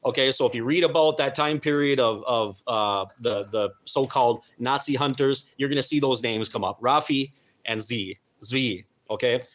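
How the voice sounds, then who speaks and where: A man talks straight to his live viewers in an earnest, emphatic way. He leans hard on key words and trips over names now and then, then pushes on. His voice sits at an ordinary pitch for a man. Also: moderate pace, a bit bright. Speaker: host. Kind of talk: live stream talk.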